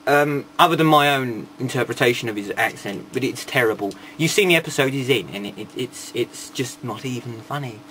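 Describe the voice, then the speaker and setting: A man's voice: mid-range voice, a little fast, hardly any pauses, a bit bright, slight background noise. Rambling, sarcastic man. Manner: rambling, irreverent, sarcastic asides. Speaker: toy reviewer. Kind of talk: casual toy review.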